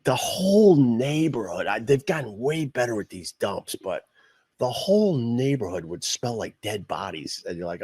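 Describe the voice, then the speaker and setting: A man's voice: medium pitch, big pitch swings, normal speed, darkish tone, breathy edge, no echo. A middle-aged man from Long Island who hosts a livestream and chats casually, rambling and blunt. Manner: rambling and blunt, swears freely. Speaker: podcast host.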